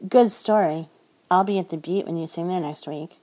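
A woman voicing a curious, gently teasing female friend in a read-aloud story. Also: fairly low pitch, normal speed, lightly acted.

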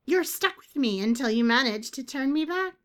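A woman voicing a cheeky half-human, half-bird woman with a gravelly, rasping voice and a needling, whiny manner. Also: high-pitched, lively intonation, normal speed, voice pushed up.

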